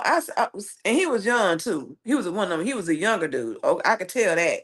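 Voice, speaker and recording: A woman with a Southern US accent hosts a casual live stream, reading viewer comments and telling stories in a sassy, animated way. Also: mid-range voice, fast, few pauses. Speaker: livestream host.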